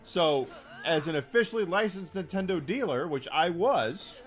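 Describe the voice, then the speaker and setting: A man's voice: on the high side, animated, normal speed. A man streaming a game who rants casually to his chat, emphatic and profane, repeating phrases for stress.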